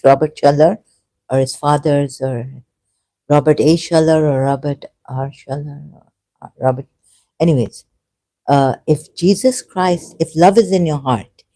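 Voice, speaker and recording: A religious commentator in an unscripted personal monologue, talking in a meandering, halting way with many self-corrections, earnest and at times emphatic. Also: mid-range voice, dark tone. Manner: earnest, grows emotional and emphatic.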